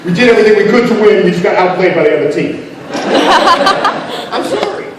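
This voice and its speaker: At a convention panel Q&A, a Canadian man jokes with the audience in lively banter, his high voice rapid-fire and breaking now and then into bursts of shouting. The recording is echoey, from a large convention hall with a distant mic. A loud crowd fills the background with noise and cheering.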